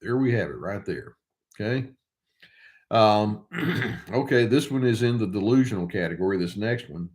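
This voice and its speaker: A man's voice: on the low side, animated, moderate pace, darkish tone. An older man, a therapist, talking casually and wryly to the camera while he thinks aloud. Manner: wry, conversational, thinking aloud.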